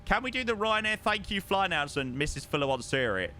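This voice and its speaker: A young man chatting casually on a live stream while flying a sim, excitable and self-mocking. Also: sits high, fast talker, a little hiss or hum.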